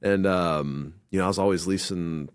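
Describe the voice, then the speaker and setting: A man hosting a casual interview, telling animated, slangy anecdotes full of acted-out quotes. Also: low-pitched, moderate pace, clean tone, no room sound, studio quality. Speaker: host.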